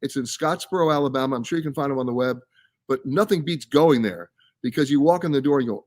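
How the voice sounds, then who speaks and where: A man's voice: medium pitch, fast, darkish tone. A man hosting a live travel show, reading out viewer comments and answering them in a casual, emphatic way. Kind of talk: casual live-stream chat. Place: live from a science center.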